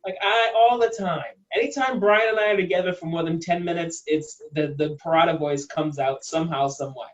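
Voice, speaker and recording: A man's voice: a little high, a little fast, few pauses, dull audio. A man, a comedian, chatting casually on a video call, full of "like" and "uh" fillers.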